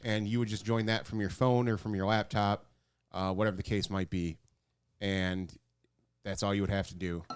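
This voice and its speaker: A man's voice: lowish voice, level tone, normal speed, clear, resonant tone. A man co-hosting a casual comedy podcast, easygoing and reading out listener comments. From Polish heritage. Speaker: podcast co-host running the board.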